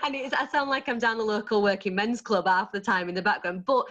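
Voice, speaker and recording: A woman with a Yorkshire accent, a dance studio owner giving gushing, animated interview answers and laughing easily. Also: medium pitch, fairly quick, dull audio.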